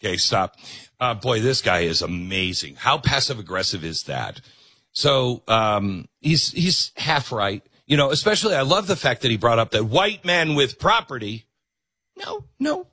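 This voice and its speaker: A man hosting a political commentary show, sarcastic and animated. His husky voice swings widely in pitch. The sound is close and dry. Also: normal speed, dry recording. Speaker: host.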